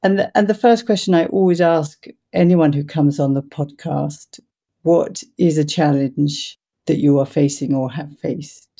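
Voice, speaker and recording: A woman hosting a podcast interview, asking gentle, empathetic questions. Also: deep voice, unhurried, creaky. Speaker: podcast host.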